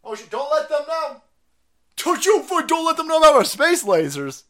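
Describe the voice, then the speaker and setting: A man's voice: very high-pitched, big pitch swings, normal speed, a bit bright, pitched above the performer's own voice, heavily acted. A man voicing panicking shadowy schemers who sputter frantic orders. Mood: panicked.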